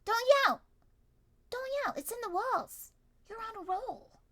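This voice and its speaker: A woman's voice: very high-pitched, animated, a little slow, noisy background, voice pushed up. A woman voicing a group of small, teasing fae in a singsong manner. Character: giggling mischievous fae, tiny and teasing.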